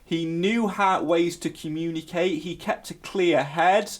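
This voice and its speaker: A man, a little high in pitch, chats on a podcast with a couple's easy rapport. He talks in an animated, jokey way and swings into bigger bursts of energy. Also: a little slow. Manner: animated, jokey, bursts into sung tunes and mock shouts. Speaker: podcast co-host. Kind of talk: casual chat.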